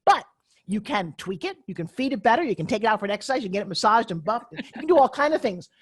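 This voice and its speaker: A middle-aged woman, a guest on a podcast interview, speaking as an emphatic, energetic motivational speaker. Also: mid-range voice, fast talker, husky.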